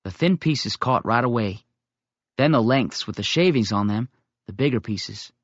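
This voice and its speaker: Give me a man narrating an audiobook in a measured way, slightly muffled and dry. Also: medium pitch, expressive, no echo. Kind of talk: first-person audiobook narration.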